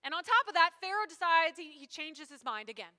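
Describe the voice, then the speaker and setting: A woman pastor preaching a sermon in a lively, joking, conversational way. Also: very high-pitched, a little fast. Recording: long hall reverb.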